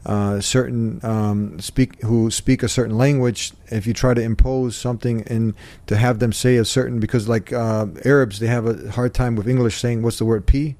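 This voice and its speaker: Mellow-voiced man hosting an interview. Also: mid-range voice, steady tone, moderate pace, few pauses, no echo. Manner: casual, searching for words, many restarts. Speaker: host. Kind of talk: interview questions and commentary.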